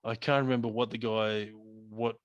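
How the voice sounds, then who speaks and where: A man co-hosting a casual podcast, telling stories with energy and laughing often. His voice is mid-pitched and dry, recorded close with little room sound. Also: moderate pace, no echo, dull audio. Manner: animated storyteller, laughs often. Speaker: podcast co-host. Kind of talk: casual chat.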